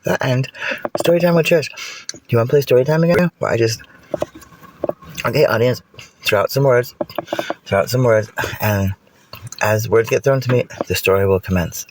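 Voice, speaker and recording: A man's voice: medium pitch, moderate pace, long pauses. A man streaming from inside a car, spinning playful, rambling made-up stories in a theatrical way. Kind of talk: rambling improvised storytelling. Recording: noisy car interior.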